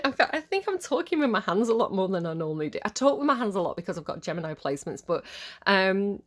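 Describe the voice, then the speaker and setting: A woman giving a casual collective tarot reading to camera, chatty and rambling with lots of filler words. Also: mid-range voice. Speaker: tarot reader.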